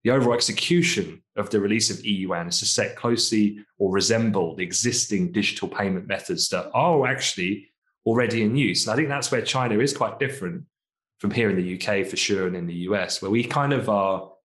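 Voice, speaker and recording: A man co-hosting a finance podcast, talking in a relaxed, chatty way and asking tag questions like "isn't it?". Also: lowish voice, a little fast. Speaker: co-host, markets commentator. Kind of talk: casual podcast discussion.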